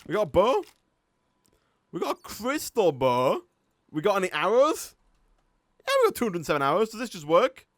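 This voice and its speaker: A man with a Yorkshire accent gives chatty live-stream gameplay commentary, thinking aloud and laughing often. His voice is high-pitched and fairly bright, with huge pitch swings, normal speed, and frequent pauses. There's no echo in the recording.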